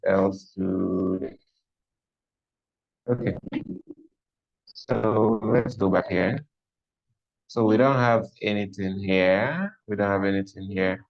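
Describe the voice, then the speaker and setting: A man's voice: lowish voice, darkish tone. A man teaching a live coding class online, thinking aloud as he works and often repeating himself. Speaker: coding instructor. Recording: dull lo-fi audio.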